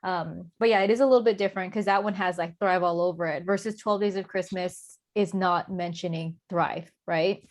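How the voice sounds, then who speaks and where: A woman's voice: fairly low pitch, steady tone, moderate pace, few pauses. Woman on a zoom call, chatty team update, lots of likes and ums. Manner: chatty, heavy on "like" and "um". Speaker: network marketing promoter. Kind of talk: casual Zoom team talk. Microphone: video call.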